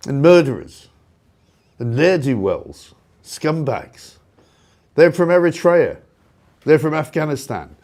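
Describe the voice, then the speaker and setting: A man's voice: fairly high pitch, very animated, slow pace, long pauses. Indignant man ranting on air. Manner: sarcastic, indignant, loud outbursts. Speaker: talk show host. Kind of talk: heated opinion rant on live talk radio.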